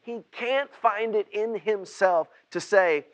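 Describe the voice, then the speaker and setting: A man preaching a sermon over video, speaking haltingly with frequent restarts and rising to emphatic outbursts. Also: sits high, dull audio. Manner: rises to emphatic outbursts when voicing Jonah. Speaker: pastor.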